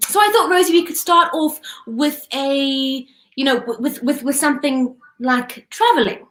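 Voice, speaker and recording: A woman's voice: high-pitched, a little slow, reverberant. A young woman hosting a children's show, talking in a patient, upbeat and coaxing way with a few restarts.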